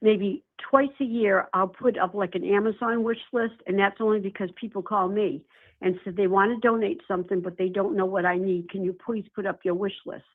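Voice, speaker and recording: A woman's voice: mid-range voice, fairly even intonation, a little fast. Older woman on a tinny phone line. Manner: affectionate, calls people honey and darling. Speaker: animal rescue nonprofit founder. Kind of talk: casual phone chat.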